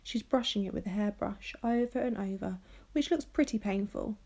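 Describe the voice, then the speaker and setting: Gravelly woman reading a story aloud. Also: medium pitch, normal speed. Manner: steady storytelling, switching voices for characters. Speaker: teacher. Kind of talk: reading a children's novel aloud.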